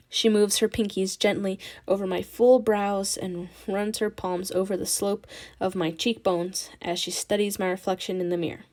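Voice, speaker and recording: A woman reading a novel aloud in a quiet, even narration. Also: medium pitch, normal speed. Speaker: audiobook reader.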